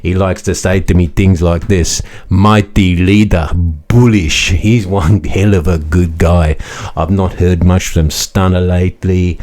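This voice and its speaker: Hosting a crypto comedy channel, a man delivers a crude, mocking parody monologue in a bombastic, self-important manner. His voice is very low and mellow, his delivery flat, and his pace measured.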